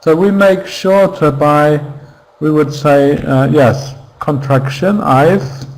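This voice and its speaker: A man's voice: fairly high pitch, slow pace, rough recording. A man teaching an online English grammar class, patiently repeating example phrases and checking in with questions.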